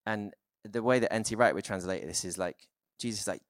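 Speaking in a relaxed, conversational way, a man preaches a sermon and frequently pauses on filler words. His voice is fairly low, and the close-miked recording has almost no room sound or echo.

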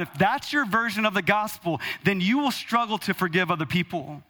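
A man in his thirties preaching a sermon from the pulpit, animated and rhetorical, calling out to the congregation. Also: sits high, a little fast, hardly any pauses. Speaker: pastor. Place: church hall. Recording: long hall reverb.

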